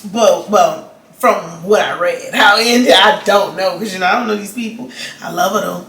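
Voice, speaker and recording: Woman vlogger, casual rambling chat, sharp bright tone, roomy echo. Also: medium pitch, moderate pace. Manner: chatty, rambling, many "like"s and restarts. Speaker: vlogger reviewing a documentary.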